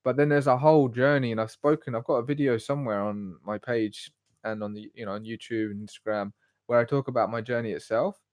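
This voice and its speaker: Casting note: man, late twenties, mid-pitched voice, rambling livestream chat, dry close sound. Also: fairly even intonation, a little fast, darkish tone, dry recording. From England. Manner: rambling, goes off on tangents. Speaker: live stream host. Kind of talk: casual solo livestream chat.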